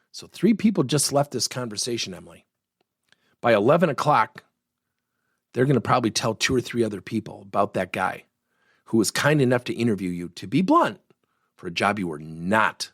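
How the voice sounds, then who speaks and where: Animated middle-aged man coaching. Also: fairly low pitch, moderate pace, long pauses, husky, dry recording, clean studio sound. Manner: animated, acts out quoted dialogue. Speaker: workplace coaching trainer. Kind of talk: storytelling coaching lesson.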